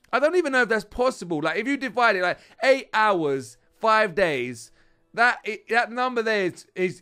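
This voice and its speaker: A British man commentating casually on a mobile game he is playing, chatty and excitable, talking straight to his viewers. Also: high voice, clean tone. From United Kingdom. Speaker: gaming channel host.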